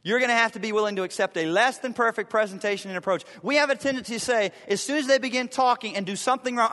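A man's voice: sits high, fast talker, hardly any pauses, pushed and bright, big-room sound. A man preaching a sermon to his church, acting out the people he quotes in shifting voices. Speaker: pastor. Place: church sanctuary.

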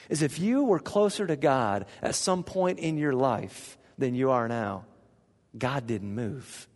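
A man preaching a sermon as pastor, animated, asking the congregation questions and swinging from hushed to loud. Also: medium pitch. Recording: long reverb of a large hall.

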